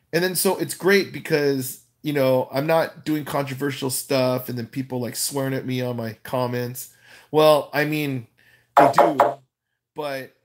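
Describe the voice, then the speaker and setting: A Korean man talks casually to viewers on his livestream. He rambles through his points with plenty of fillers and restarts, and laughs at his own jokes. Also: medium pitch. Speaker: YouTuber hosting a livestream. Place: Los Angeles.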